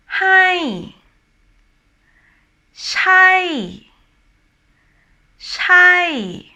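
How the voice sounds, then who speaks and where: Slow, bright-voiced Thai-accented woman teacher. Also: mid-range voice. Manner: slow, demonstrative, repeats each tone several times. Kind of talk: online language lesson.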